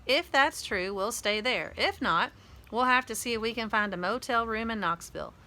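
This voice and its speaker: A woman's voice: a little high, animated, normal speed, pushed and bright. A woman reading a storybook aloud, voicing a practical mother of three who lays out a trip plan in an orderly way. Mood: matter-of-fact.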